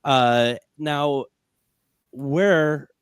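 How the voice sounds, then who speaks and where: A man's voice: on the high side, clean tone, no room sound. Dry-sounding male radio host. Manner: hesitant, halting questions. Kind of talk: radio interview.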